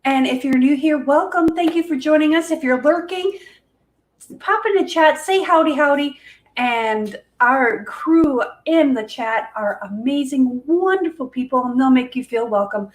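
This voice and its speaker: A woman's voice: high voice, lively intonation, a little slow. A woman hosting a casual art livestream, chatty and folksy, laughing often. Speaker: livestream host, acrylic pour artist.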